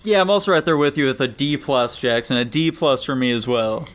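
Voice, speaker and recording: A man's voice: medium pitch, brisk, a bit bright, soft background music. A man co-hosting a podcast, arguing about a movie in a heated, exasperated way and swearing often. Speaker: podcast co-host. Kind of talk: casual movie review chat.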